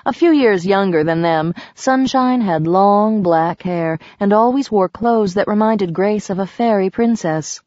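A woman narrating a novel in an even storytelling manner. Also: medium pitch, a little slow, hardly any pauses, no room sound, dull audio. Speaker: audiobook narrator. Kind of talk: scripted narration.

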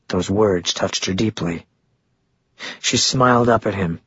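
Husky low male audiobook narrator. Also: a little slow, long pauses, a bit bright, no echo, lo-fi sound. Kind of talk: scripted narration of a romance novel.

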